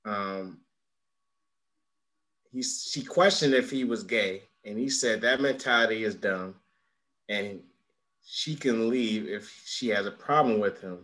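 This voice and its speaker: A man hosting a casual podcast chat, relaxed, steering the segments and reading out listener questions. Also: on the low side, slow pace, pauses often. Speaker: podcast host.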